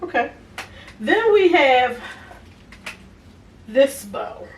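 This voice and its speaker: A woman's voice: sits high, very animated, very slow. A young adult woman, casually reviewing products on camera and chatting to her viewers. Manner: chatty, talks to viewers as y'all, easy laughs. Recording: echoey room, a bit far from the mic, faint noise.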